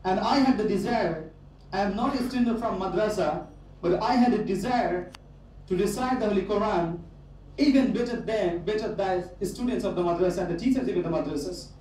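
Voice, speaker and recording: A guest speaker from Bangladesh, with a Bangladeshi accent, gives a motivational speech to students, repeating his key phrases for emphasis. His voice is high-pitched, brisk and a little mellow. The mic is distant in a large, echoey university hall, with faint background noise.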